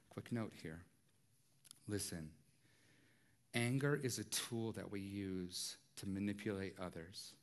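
Pastor preaching with hushed-to-loud swings. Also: male voice, fairly low pitch. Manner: conversational, repeats phrases and asks "right?". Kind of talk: sermon.

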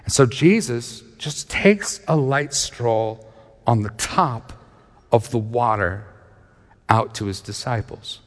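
A man preaching a sermon, reading scripture and retelling it in lively storytelling, acting out the characters' voices. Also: medium pitch, takes it slowly, long reverb tail. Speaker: pastor.

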